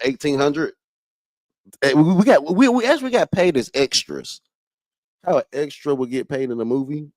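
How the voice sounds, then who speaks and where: A man hosting a casual livestream chat, excitable and profane, jumping between loud outbursts and low muttering, and stumbling when he reads aloud. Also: no room sound, rough recording. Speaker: livestream host.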